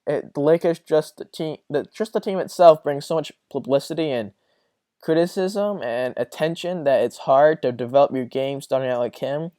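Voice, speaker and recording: A man's voice: fairly high pitch, normal speed, warm tone, dry recording, studio quality. A young man hosting a casual solo sports podcast, rambling and swearing as he rants. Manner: rambling, profane, exasperated. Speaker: podcast host.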